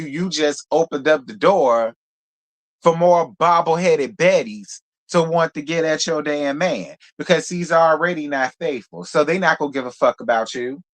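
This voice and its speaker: A man with a slightly high voice gives casual live commentary on a reality dating show. He is sassy and blunt and swears freely. He breaks off into animated asides. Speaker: reality TV review host.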